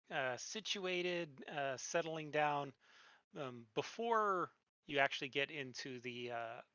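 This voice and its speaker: A game master narrating a tabletop game with unhurried, descriptive scene-setting. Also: medium pitch, pushed and bright, dry recording, poor audio.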